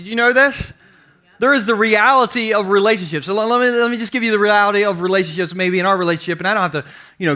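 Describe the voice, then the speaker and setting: A man in his forties preaching a lighthearted sermon. His voice sits high and sounds bright and forceful. He acts out his own stories with a lot of animation. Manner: animated, self-deprecating, acts out quotes. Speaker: pastor. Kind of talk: humorous storytelling sermon. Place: church stage before a congregation.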